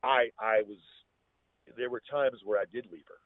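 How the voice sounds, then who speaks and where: A man with a husky voice, a podcast guest telling a personal story in a rambling way, restarting his sentences often. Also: mid-range voice, steady tone, normal speed, dry recording. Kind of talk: casual storytelling. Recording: tinny, phone-like dry sound.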